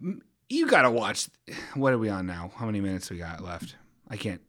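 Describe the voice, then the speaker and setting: Animated, rambling bright-voiced man. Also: fairly low pitch, a little fast. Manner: rambling, animated, self-interrupting with jokey bits. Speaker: podcast host. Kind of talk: casual comedic podcast chat.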